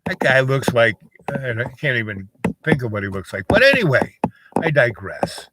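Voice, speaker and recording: A man of ordinary pitch spins a long, wandering story, stopping for fillers and going off on side remarks. Clicks and steady noise run under his voice. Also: moderate pace. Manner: meandering, many fillers and asides. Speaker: vlogger. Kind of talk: rambling casual storytelling. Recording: noisy with clicks.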